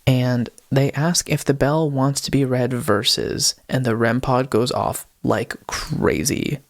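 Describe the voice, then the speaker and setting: Young podcast guy rambling through a recap, gravelly voice, dry close mic. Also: mid-range voice, steady tone, slow, no echo. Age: young adult. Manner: rambling, heavy use of "like" and "um". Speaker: podcast co-host. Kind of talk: casual recap storytelling.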